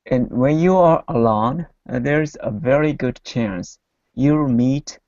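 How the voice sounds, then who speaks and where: A man reads a rhyme aloud slowly and carefully in an English class. His voice is close and dry. The sound comes through muffled and lo-fi. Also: mid-range voice, darkish tone, dry recording. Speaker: student. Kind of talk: reading aloud in a language class.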